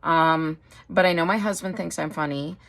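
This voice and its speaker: Woman, middle-aged, craft vlogger, casual chat, rambling, laughs often, slightly low voice. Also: normal speed, creaky, fairly bright tone. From Wisconsin.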